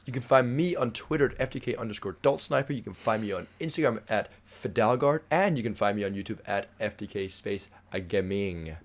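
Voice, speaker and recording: A man's voice: fairly low pitch, expressive, fairly quick, hardly any pauses. A young man co-hosting a podcast, tossing in dry quips and wisecracks and laughing easily. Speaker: podcast co-host. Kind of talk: casual chat.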